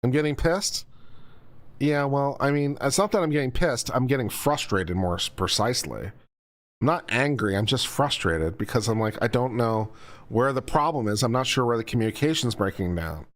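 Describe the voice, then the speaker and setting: A man's voice: medium pitch, lively intonation, normal speed. A man in the middle of his voice range talks viewers through court rules. He explains the same point several ways, like a teacher. He sounds a touch frustrated but stays patient. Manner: repetitive, explanatory, mildly exasperated. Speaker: legal commentary host. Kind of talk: live-stream legal commentary.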